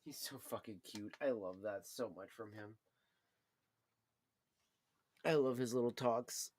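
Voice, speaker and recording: A man's voice: medium pitch, moderate pace, slight background noise. A man hosting a pipe smoking livestream, talking in a casual, rambling way full of fillers. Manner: rambling, filler-heavy, relaxed. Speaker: pipe smoking channel host.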